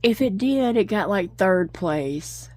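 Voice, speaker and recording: A woman's voice: mid-range voice, expressive, slow pace, darkish tone. A middle-aged woman, chatting casually and telling stories, laughing often as she crochets at home. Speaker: crochet vlogger. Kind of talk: casual chat while crocheting.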